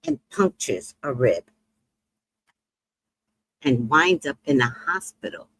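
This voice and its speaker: A middle-aged woman casually telling a story about her shop, animated and swooping high when she acts out other people. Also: breathy edge, no room sound.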